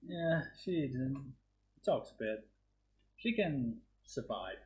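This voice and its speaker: A man hosting from Belgium, chatting casually with teasing, deadpan banter. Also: mid-range voice, slow. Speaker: host. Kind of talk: casual chat.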